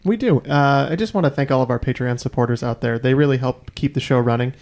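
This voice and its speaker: Upbeat podcast host guy, medium voice, chatty, doing a quick supporter plug. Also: mid-range voice, a little mellow. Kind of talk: casual chat and sponsor plug.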